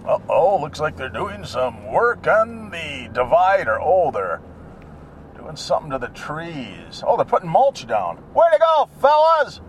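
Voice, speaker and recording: A man's voice: a little high, very animated, measured pace, slight background noise. A middle-aged man chatting casually while driving, rambling from topic to topic and grumbling at other drivers. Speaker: vlogger. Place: in a car.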